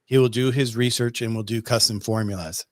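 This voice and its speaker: A man's voice: mid-range voice, fairly even intonation, fairly quick, no room sound, studio quality. A man chatting as a guest on a video call, telling stories in a rambling, enthusiastic way. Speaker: guest, pet herbal company representative. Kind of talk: casual video chat.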